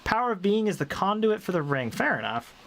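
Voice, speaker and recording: Man, casual streamer, light faded Southern drawl, laughs a lot, pitched a bit high, faint noise behind. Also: big pitch swings, fairly quick, gravelly, a bit bright. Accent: light Southern drawl, mostly faded. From American South. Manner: playful, rambling, laughs often. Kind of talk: casual live-stream chat reading viewer comments.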